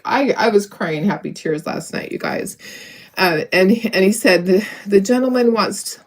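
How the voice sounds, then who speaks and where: Woman, middle-aged, craft channel host, casual livestream chat, emotional, restarts a lot. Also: on the high side. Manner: chatty and emotional, with many restarts.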